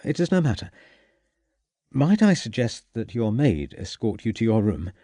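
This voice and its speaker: A man voicing a courteous, measured Victorian detective. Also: on the low side, big pitch swings, dark tone, dry recording.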